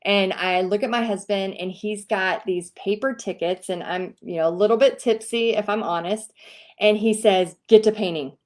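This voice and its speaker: A woman from Texas tells her own story to her viewers in a casual, chatty way. She is animated and acts out what the others said. Her voice sits at an ordinary middle pitch. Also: moderate pace. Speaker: host.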